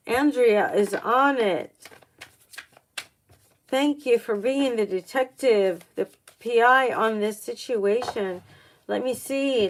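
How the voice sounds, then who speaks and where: A woman reads tarot live for her viewers, her voice a little high and her pace slow. She thinks aloud in halting, restarting phrases, gasping and exclaiming as the cards come up. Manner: halting and excitable, many gasps and "oh my God". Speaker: tarot reader on a livestream. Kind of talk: live-streamed tarot reading, chatting with viewers.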